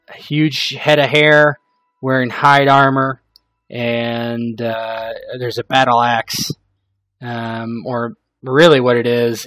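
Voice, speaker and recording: A man narrating a tabletop role-playing game as game master, in a relaxed, rambling way with many fillers. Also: medium pitch, no echo.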